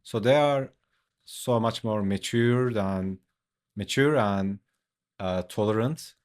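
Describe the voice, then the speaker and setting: A man with a lowish voice, talking slowly, relates a story in an easygoing way while streaming himself drawing; English isn't his first language. He curses, uses "like" constantly and laughs often.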